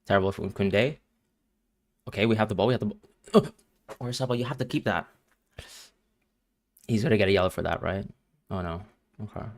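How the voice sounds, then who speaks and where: A man's voice: fairly low pitch, a little fast, long pauses, no echo. A man streaming live and reacting emotionally to a football match as he watches, talking to his viewers.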